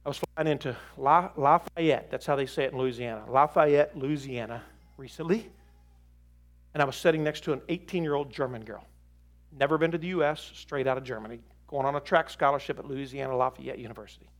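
A middle-aged man preaching a sermon to a live audience, emphatic and animated, with folksy joking asides. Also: mid-range voice, fast talker.

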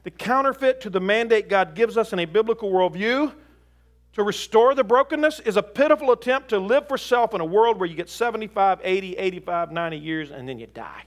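A middle-aged man preaching a sermon to a live audience, emphatic and animated, with folksy joking asides. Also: sits high, fairly quick.

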